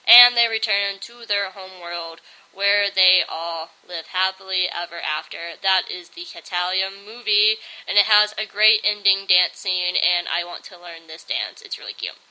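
A woman's voice: mid-range voice, fairly even intonation, a little slow, few pauses, bright, forceful tone, low-quality recording. A young woman giving a casual, bubbly review, rambling and filling her talk with "like". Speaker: video reviewer.

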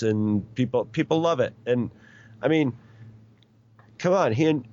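A man's voice: mid-range voice, measured pace, a little mellow, a little hiss or hum. A middle-aged man in casual chat, rambling along with many restarts and chuckles. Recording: dull lo-fi recording.

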